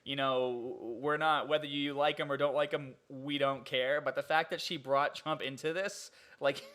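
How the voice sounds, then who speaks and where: A young man hosting a podcast, talking in an animated, incredulous way and laughing often. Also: fairly high pitch, normal speed, smooth. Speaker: podcast host. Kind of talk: casual podcast chat.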